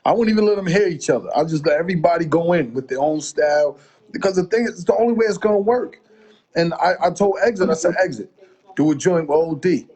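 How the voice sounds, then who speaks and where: Husky middle-aged man, rambling storyteller. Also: fairly high pitch, quick pace. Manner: rambling, animated storytelling with quoted asides. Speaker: music promoter, interview guest. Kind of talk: casual interview chat.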